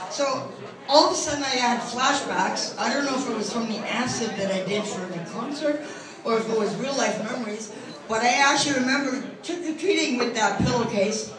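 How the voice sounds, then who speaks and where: A woman's voice: on the high side, a little fast, recorded from a distance. A middle-aged woman doing a crude, self-mocking stand-up set, recorded from the audience in a club. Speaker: stand-up comedian. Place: comedy club stage. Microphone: phone recording from the audience. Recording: echoey club from afar, crowd. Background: audience laughter.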